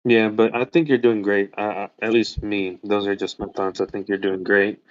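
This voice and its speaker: A man in a casual chat, talking shyly and hesitantly with many pauses and fillers. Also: lowish voice, flat delivery, dry recording, highs cut off. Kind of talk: casual language-exchange chat.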